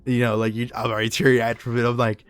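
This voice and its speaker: A young man hosting a casual podcast chat, telling animated stories in slangy, profane talk. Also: mid-range voice, fast talker, over loud music. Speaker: podcast host.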